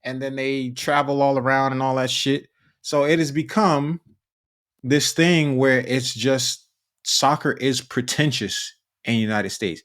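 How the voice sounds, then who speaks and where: A man's voice: medium pitch, a little slow, fairly bright tone. A man co-hosting a casual podcast, talking bluntly and emphatically with plenty of swearing. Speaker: podcast co-host. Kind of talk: casual chat.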